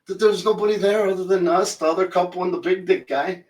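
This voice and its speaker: A man's voice: high voice, fairly even intonation, fairly quick, darkish tone, recorded from a distance. A man co-hosting a podcast, telling a story in casual, profane chat and acting out the other people in it. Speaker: podcast co-host. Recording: echoey room, voice a bit off-mic.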